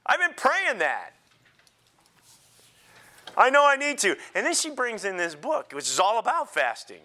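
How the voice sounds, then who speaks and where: Bright high-voiced man preaching. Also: a little slow. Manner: animated, jokes and laughs with the congregation. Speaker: pastor. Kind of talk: sermon.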